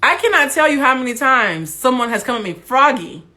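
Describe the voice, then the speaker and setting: A young adult woman with a big, loud voice, hosting a candid livestream monologue on her phone, blunt and animated, with some profanity. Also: sits high, fairly quick. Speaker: Instagram Live host.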